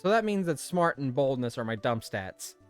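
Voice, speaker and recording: A man hosting a gameplay video, chatting casually and reading game text aloud, animated and often laughing. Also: mid-range voice, moderate pace, soft background music. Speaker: let's play host.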